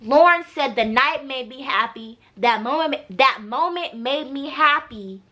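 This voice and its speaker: A young woman with a high, bright voice talks through a TV episode recap. She is chatty and animated, and she breaks off into slangy asides straight to her viewers. It plays as a casual home review. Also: a little slow. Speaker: TV recap vlogger.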